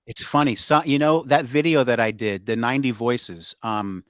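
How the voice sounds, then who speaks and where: A man guest on a talk show, chatting in a relaxed way with lots of fillers about doing impressions. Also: medium pitch, moderate pace, clear, resonant tone, no room sound, clean studio sound. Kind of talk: casual interview chat.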